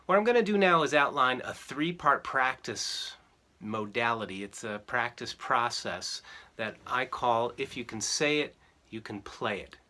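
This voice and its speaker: Man teaching ukulele, calm and explanatory. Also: medium pitch, unhurried. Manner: chants rhythm syllables while strumming. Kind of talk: relaxed music lesson. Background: ukulele strumming.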